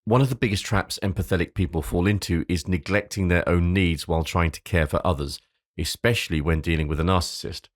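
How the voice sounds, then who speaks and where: A man's voice: low-pitched, dry recording, studio quality. A man hosting a podcast, reading an earnest script with loose, sweary asides. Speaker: podcast host.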